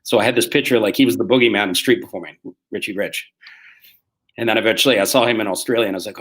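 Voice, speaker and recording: A man in his forties, a comedian guest telling rough, profane stories on a video call and acting out the quotes. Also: on the low side, fairly bright tone. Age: 40s. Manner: rapid, profane storytelling that acts out quotes. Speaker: guest, street performer and comedian. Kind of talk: casual podcast chat.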